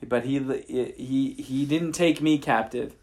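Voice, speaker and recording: A man voicing an earnest reformed pirate captain in a bedtime story, speaking haltingly and with feeling. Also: mid-range voice, darkish tone, lightly acted.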